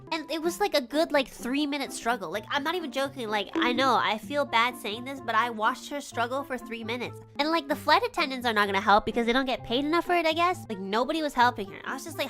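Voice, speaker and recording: Bright, animated young woman. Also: on the high side, fairly quick, hardly any pauses, soft background music. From Canada. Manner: animated, swears a lot, acts out quoted lines. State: feeling nauseous. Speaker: streamer. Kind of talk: casual storytelling.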